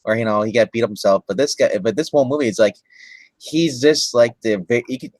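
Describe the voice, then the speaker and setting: A man as guest on a casual movie podcast, talking in halting bursts with many restarts. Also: mid-range voice, darkish tone, dry recording. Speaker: co-host guest. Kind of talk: casual movie review chat.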